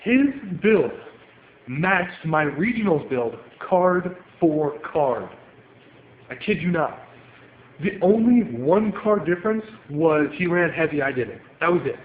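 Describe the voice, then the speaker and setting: A man's voice: on the high side, expressive, takes it slowly. Angry man ranting over tinny audio. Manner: heated, profane, paces while talking. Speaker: card game player venting on video. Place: at home. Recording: tinny phone-like audio with room echo and faint hiss.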